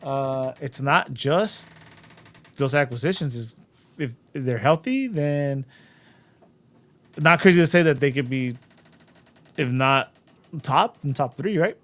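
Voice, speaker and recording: A man's voice: mid-range voice, lively intonation, slow, long pauses, fairly bright tone. A man co-hosting a sports podcast, who talks bluntly and swears often. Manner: blunt, profane, heated. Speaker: podcast co-host. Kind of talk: casual sports chat.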